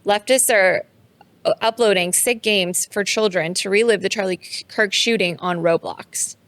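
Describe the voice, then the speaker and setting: A woman's voice: medium pitch, normal speed, a bit bright. A woman co-hosting a podcast, recounting events in an indignant, conversational way. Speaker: podcast co-host. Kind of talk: casual podcast chat.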